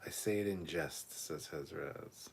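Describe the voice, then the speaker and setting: A man co-hosting a relaxed livestream chat from a room at home, reading viewer comments aloud and swearing freely. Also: very deep voice, a little slow, vocal fry, a little hiss or hum. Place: home room cluttered with costumes.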